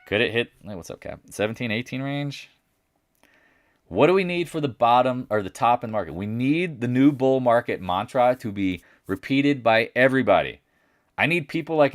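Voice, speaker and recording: A man doing live market commentary mixes loud, brash, blunt remarks with quiet muttered asides, and mimics others in a higher voice to mock them when quoting. The studio sound is clean, with no room sound.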